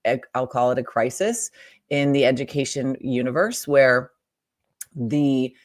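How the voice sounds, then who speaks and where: An American woman, a guest on an interview podcast, talking in an upbeat, chatty way with quick restarts. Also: a bass voice, no room sound, studio quality. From United States. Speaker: guest, Profit First guide. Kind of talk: casual interview chat.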